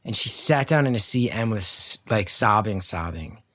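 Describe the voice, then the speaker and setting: A man's voice: on the low side, expressive, moderate pace, pushed and bright, no room sound. Dry, close-miked man telling a story. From lived in New York. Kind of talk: casual chat, storytelling.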